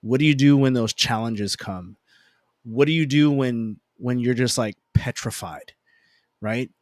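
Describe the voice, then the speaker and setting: An adult man, a parent, shares a personal story in casual conversation, animated and self-deprecating, repeating things for emphasis. His mid-range voice is unhurried, and there's no room sound.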